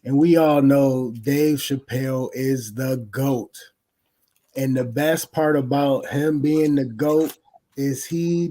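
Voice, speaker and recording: A man's voice: a little high, warm tone. A man co-hosting a podcast who tells a story in a laid-back, casual way. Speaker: podcast co-host.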